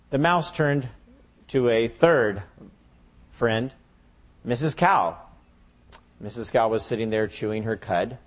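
A man preaching a sermon, telling a farmyard story expressively before turning to scripture. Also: medium pitch. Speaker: pastor.

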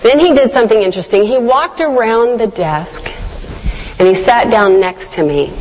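A woman's voice: a little high, expressive, darkish tone, a little hiss or hum. Earnest woman telling a sermon story. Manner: earnest storytelling, slow and reflective. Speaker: devotional speaker. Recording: long hall reverb.

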